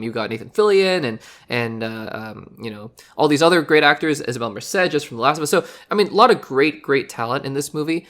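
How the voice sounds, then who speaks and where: A podcast host with a hoarse voice from recently losing it, giving earnest, rambling casual commentary on films and often restarting phrases. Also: medium pitch, a bit bright.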